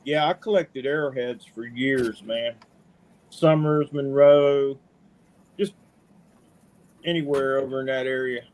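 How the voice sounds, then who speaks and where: A man's voice: medium pitch, fairly even intonation, slow pace, pauses often, a little mellow. A middle-aged man calling in to a podcast, telling stories in a chatty, folksy way and often tagging on "man.". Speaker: caller. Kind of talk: casual storytelling.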